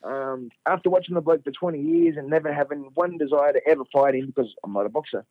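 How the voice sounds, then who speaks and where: A middle-aged Australian man, a fighter guest, telling a story in a casual, animated way, laughing and swearing freely. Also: fairly high pitch, fast, no room sound. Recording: dull lo-fi radio sound.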